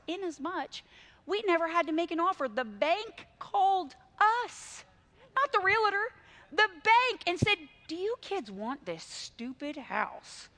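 A woman's voice: high-pitched, sharp tone. A middle-aged woman preaching a sermon, telling stories with emphatic swings in volume.

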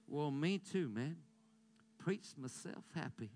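A man preaching a sermon as pastor, leading the congregation in call-and-response declarations and swinging between loud impassioned calls and hushed prayer. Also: fairly high pitch, expressive, a little slow.

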